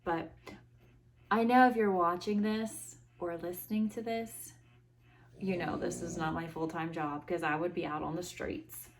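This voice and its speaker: A woman's voice: on the low side, steady tone, a little slow, a little hiss or hum. A young woman hosting her own podcast, rambling in a casual chatty way with dry, self-mocking sarcasm, recorded on a phone. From United States. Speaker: podcast host. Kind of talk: casual solo chat. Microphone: iPhone.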